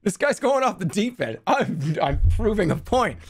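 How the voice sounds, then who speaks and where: A male livestreamer talks casually with viewers in a joking, mock-outraged way. His pitch swings widely from low grumbles to high exclamations, and he often breaks into laughter. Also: sing-song, normal speed, husky.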